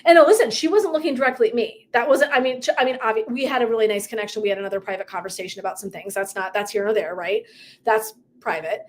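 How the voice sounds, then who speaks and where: Middle-aged woman, motivational coach, emphatic and effusive, a little high-pitched. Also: fairly quick. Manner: effusive, emphatic, tangents and asides. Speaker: purpose and legacy coach. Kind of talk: casual motivational talk to viewers.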